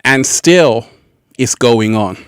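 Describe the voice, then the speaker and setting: A man hosting a casual livestream speaks slowly and in an easy, unhurried way. He laughs often and repeats phrases for effect, and his voice sounds dry and close. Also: mid-range voice, expressive, smooth, no room sound. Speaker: livestream host.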